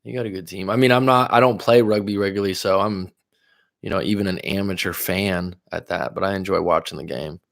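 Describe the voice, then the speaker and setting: A Californian man hosts a relaxed live stream, reading out viewer messages and riffing on them. His voice sits low, with a gravelly, fry-heavy edge. He talks loosely and drifts between topics. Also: fairly quick. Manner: reads viewer comments aloud and answers them; loose, rambling, with fillers and restarts. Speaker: relationship coach hosting a live stream. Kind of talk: casual live-stream chat.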